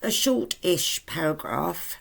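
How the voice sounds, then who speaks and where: A woman's voice: fairly low pitch, expressive, slow pace, gravelly, fairly bright tone. A woman in her forties chatting to camera, rambling and hesitant, with many ums and fond asides to her viewers. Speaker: vlogger. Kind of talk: casual chat to camera.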